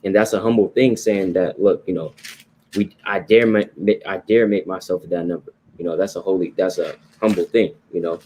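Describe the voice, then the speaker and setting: A deep, darkish male voice with fairly even intonation and a moderate pace comes through over slight background noise. He delivers an informal sermon-style Bible lesson, repeating himself and tagging lines with "right?" and "you know."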